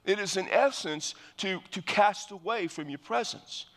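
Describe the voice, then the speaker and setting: Slightly slow and high-pitched, with a fairly bright tone, a male pastor preaches through a text verse by verse. A long reverb tail follows him as he explains earnestly and often restarts phrases.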